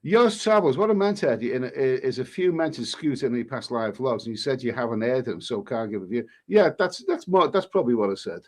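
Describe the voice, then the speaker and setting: A man's voice: medium pitch, expressive, a little fast, few pauses, darkish tone. A man hosting a casual live stream, reading viewers' comments aloud and answering with cheeky banter and frequent restarts. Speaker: travel vlogger reading live chat.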